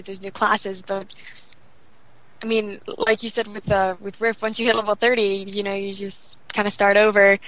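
A young woman chatting casually about games, talking quickly and rambling with lots of fillers. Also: medium pitch, fairly bright tone, low-quality recording. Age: young adult. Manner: rapid, rambling, full of fillers. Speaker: guest gamer. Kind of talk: casual chat.

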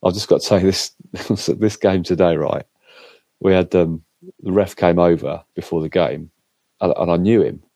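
Deep-voiced Englishman telling a story. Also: normal speed, no room sound. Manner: animated storyteller, acts out quotes. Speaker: co-host. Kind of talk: casual chat.

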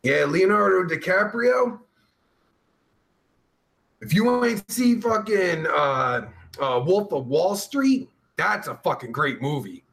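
A man's voice: high-pitched, animated, slow pace, creaky, fairly bright tone. A man hosting a live stream, chatting casually with a crude, blunt, profane manner. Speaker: live-stream host reading viewer questions. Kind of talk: casual chat.

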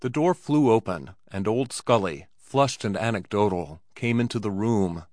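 Low-voiced man narrating a story. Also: a little slow, dry recording, clean studio sound. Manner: steady storytelling delivery. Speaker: audiobook narrator. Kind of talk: scripted narration.

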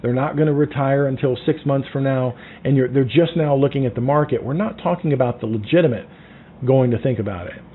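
A man giving sales coaching in a lively way, acting out phone calls and lowering his voice for effect. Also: fairly quick, breathy edge. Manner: animated, acts out phone calls, drops to a low voice. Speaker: sales trainer. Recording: tinny phone-like sound.

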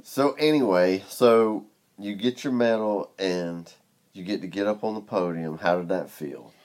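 A man's voice: sits low, unhurried, darkish tone. A man in casual chat as co-host, teasing with dry jokes.

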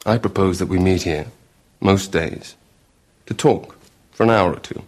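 An actor playing a calm, measured male psychiatrist who speaks softly and deliberately in a film trailer. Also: low voice. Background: film trailer clip.

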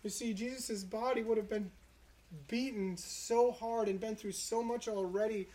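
A preacher giving an earnest, reflective sermon, citing scripture and slowing down to stress key moments. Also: medium pitch, steady tone, dark tone. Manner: earnest, reflective, slows for emphasis.

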